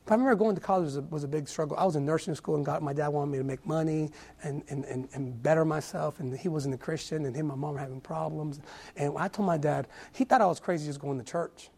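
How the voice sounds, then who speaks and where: A man's voice: a little high, fast talker, creaky, darkish tone, breathy edge. A young adult man giving an earnest sermon testimony, often repeating and restarting his words.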